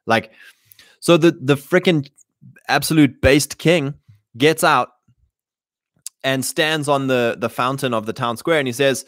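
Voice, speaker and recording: A man's voice: medium pitch, a little slow, long pauses, a bit bright, no room sound, clean studio sound. Rambling male livestream host. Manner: rambling, many fillers and restarts. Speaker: show host. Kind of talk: casual livestream monologue.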